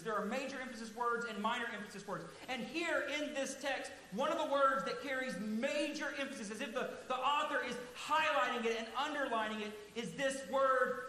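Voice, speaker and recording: Male pastor mid-sermon with a very high, forceful voice, earnest and emphatic, recorded in an echoey church hall with faint hiss. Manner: earnest, emphatic preaching that slows to stress key words. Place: large church sanctuary.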